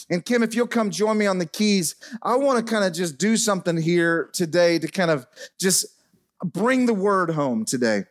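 A middle-aged man preaching a sermon as pastor in a church, dropping soft and low as he speaks over piano. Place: church sanctuary. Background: faint piano playing.

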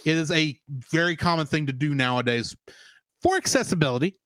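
A man's voice: fairly high pitch, fairly quick, dry recording. A man co-hosting a podcast in casual chat, ranting at length. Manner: ranting, animated. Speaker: podcast co-host.

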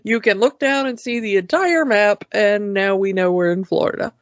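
A woman's voice: mid-range voice, moderate pace, dry recording, muffled recording. A woman co-hosting a casual talk show about cartoons, chatty and enthusiastic, often restarting her sentences. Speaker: podcast co-host. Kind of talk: casual cartoon review chat.

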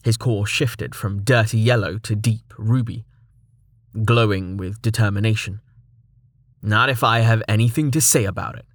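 A man narrating a fantasy web novel as an audiobook in a steady storytelling manner. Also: fairly low pitch, moderate pace, dry recording, clean studio sound. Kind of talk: scripted narration.

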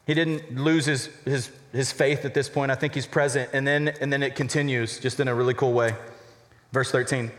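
A young adult man, a college pastor, preaching a sermon in a conversational, animated way, acting out little asides. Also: mid-range voice, normal speed. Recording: reverberant hall.

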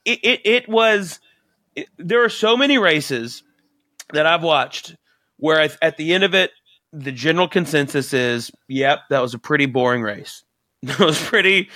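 A man co-hosting a casual podcast chat, talking excitedly and swearing freely as he rambles through fillers. His voice sits a bit high and sounds bright and tense. The sound is dry and close. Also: no echo. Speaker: podcast co-host.

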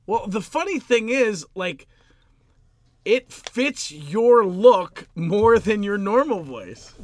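A man's voice: sits high, takes it slowly. A man hosting a podcast, hyping the intro and then chatting casually with his co-host. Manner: energetic announcer-style intro, then relaxed.

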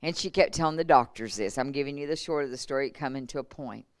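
Woman preaching a lively testimony. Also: a bass voice, fast, dry recording, clean studio sound. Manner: animated testimony with laughs and acted-out quotes. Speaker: revival preacher. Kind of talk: sermon storytelling. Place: church.

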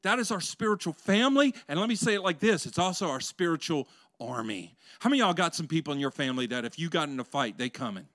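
A male pastor preaching a conversational sermon that swells into loud, passionate peaks. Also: on the high side, expressive, fast talker, hardly any pauses, no echo.

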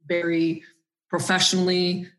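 A woman's voice: lowish voice, completely flat delivery, measured pace, a bit bright. A woman guest on an interview podcast, talking earnestly and reflectively about her own experiences.

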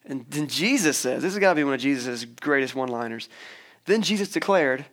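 A man's voice: mid-range voice, lively intonation, fairly quick, fairly bright tone. A young man preaching a casual sermon, retelling a scripture story in a conversational way and acting out the characters' lines. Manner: conversational, acts out the characters' lines with playful voices. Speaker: pastor.

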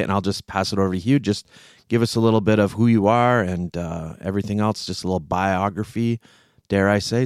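A talkative man hosts a casual online chat show, prodding his guest with questions and frequent restarts. His voice sits low, and the sound is dry and close. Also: a little mellow, clean tone, dry recording. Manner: chatty, prodding, restarts often. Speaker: host.

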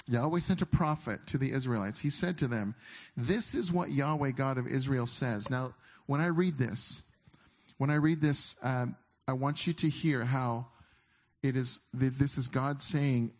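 A man giving a sermon in a conversational way, reading scripture slowly and emphatically between halting, informal asides. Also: mid-range voice. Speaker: pastor.

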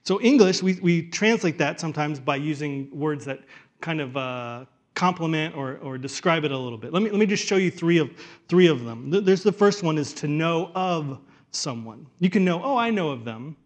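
Male pastor, animated sermon, voices imagined listeners, fairly high pitch. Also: moderate pace. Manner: animated preaching, often voicing imagined listeners.

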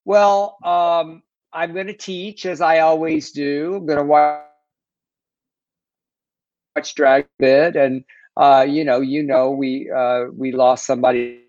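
A man co-hosting a live internet show, speaking in halting, laughing bursts. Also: on the high side, little pitch movement, dry recording, dull audio. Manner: warm, laughing, halting speech. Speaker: co-host. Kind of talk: casual live internet chat.

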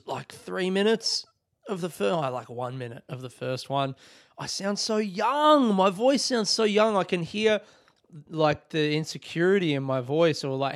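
A man's voice: a little high, no room sound, studio quality. A young Australian man hosting his own podcast, chatting casually, swearing and joking sarcastically, with frequent laughs. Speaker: podcast host. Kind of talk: casual solo podcast chat. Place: home room.

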